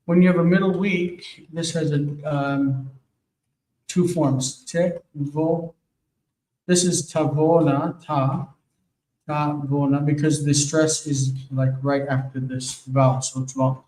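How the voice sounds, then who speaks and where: A man teaching a Hebrew grammar lesson, explaining forms slowly and patiently and checking in with "okay?" as he goes. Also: fairly high pitch, steady tone, warm tone. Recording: echoey room, far from mic.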